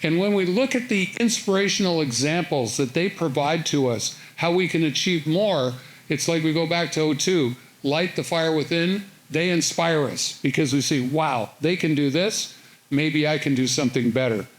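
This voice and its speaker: A man hosting an event, giving a measured, upbeat introduction of the speakers. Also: a little high, a little hiss or hum, low-quality recording. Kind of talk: formal introduction.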